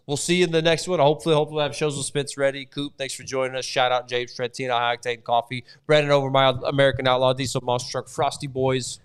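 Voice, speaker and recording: A man's voice: medium pitch, steady tone, fast talker, hardly any pauses, smooth. A man hosting a casual motorsport podcast, joking around and plugging merch and sponsors. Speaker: podcast host.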